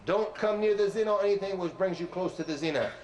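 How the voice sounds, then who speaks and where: A visiting American sheikh gives a loud, animated lecture sermon to young people in a large multi-floor community centre hall, calling himself loud. His voice is high and fast on a close mic with slight hiss or hum, and he quizzes and teases the crowd.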